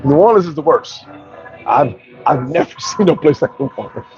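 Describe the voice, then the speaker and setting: A man's voice: fairly high pitch, expressive, normal speed, darkish tone, dull audio, soft background music. A man from New York telling brash, profane stories in a casual storytelling monologue as a vlogger.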